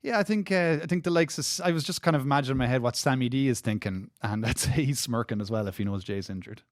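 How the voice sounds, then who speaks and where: A man's voice: medium pitch, fast, no room sound, clean studio sound. An Irish man co-hosting a wrestling podcast in casual chat, playful and mock-serious. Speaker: podcast co-host.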